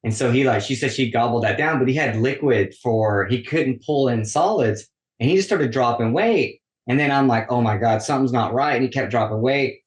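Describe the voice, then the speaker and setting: A man's voice: mid-range voice, moderate pace. A man on a podcast telling a long story in casual chat, acting out quoted lines and saying "like" a lot. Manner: animated storytelling, acts out quoted dialogue, frequent "like". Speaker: podcast guest. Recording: roomy echo.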